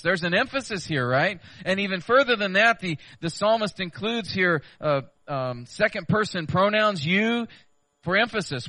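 A man's voice: high voice, pushed and bright, dry recording. A man preaching a sermon, explaining a scripture passage earnestly and asking his listeners rhetorical questions. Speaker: pastor.

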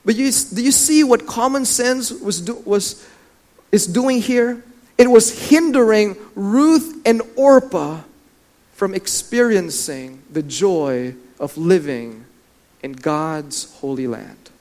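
A man preaching a sermon. He asks the listeners questions, swings between loud and soft for emphasis and acts out the voices of biblical figures. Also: high-pitched, expressive, slow pace.

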